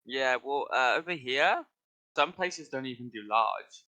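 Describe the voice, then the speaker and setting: A man from Wales, a guest streamer telling candid, animated stories in casual chat. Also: mid-range voice, measured pace, poor audio.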